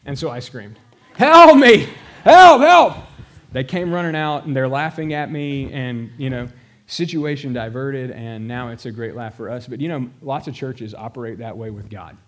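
Emphatic storytelling pastor. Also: male voice, mid-range voice, normal speed, hardly any pauses. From American South. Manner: storytelling, emphatic, addresses the congregation directly. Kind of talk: sermon.

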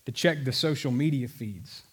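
A man preaching a sermon in a conversational, animated storytelling manner. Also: medium pitch, normal speed, slightly rough. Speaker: pastor.

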